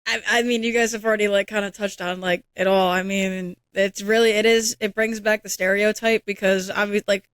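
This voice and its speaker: A woman with a smooth, clean-toned voice weighs her thoughts out loud as a podcast co-host, often opening with "I mean." The sound is dry and close. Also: medium pitch, steady tone, no room sound. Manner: measured, frequent "I mean" and "um". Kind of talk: casual chat.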